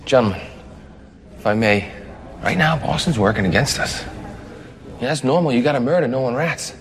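A man's voice: medium pitch, expressive, moderate pace, natural voice. A man playing a blunt streetwise cop. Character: gruff male city cop briefing officials. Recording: film audio with long reverb.

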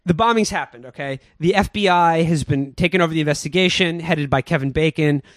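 A man tells a movie plot as a sarcastic, rambling comedy recap. His voice sits a little high, and the sound is dry and close. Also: brisk, fairly bright tone, no room sound. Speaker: podcast host.

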